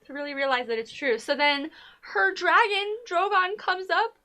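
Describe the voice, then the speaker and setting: Young woman gushing over a tv episode, high voice, acts out every line. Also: normal speed. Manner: animated retelling, acting out characters' lines; says "y'all". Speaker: co-host of a TV recap show. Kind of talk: casual chat.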